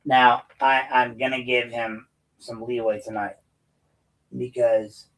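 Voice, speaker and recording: A man's voice: medium pitch, level tone, slow pace, fairly bright tone, recorded from a distance, low-quality recording. A man from the United States hosting his own show, ranting bluntly and profanely to viewers with frequent restarts. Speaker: host and political commentator. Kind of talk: unscripted rant to viewers.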